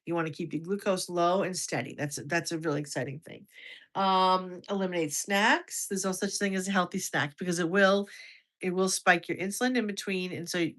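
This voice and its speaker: American woman, 50s, livestream host; lower-pitched, chatty, casual, restarts sentences and answers comments. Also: fairly even intonation, fairly quick, a bit bright. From United States. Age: over 50. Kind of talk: casual livestream chat with viewers.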